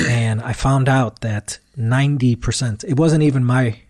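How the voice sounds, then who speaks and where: A man's voice: medium pitch, measured pace, dry recording. Guy telling his story on a podcast, plays out the quotes, dry close sound. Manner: animated retelling that acts out quoted dialogue. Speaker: guest musician.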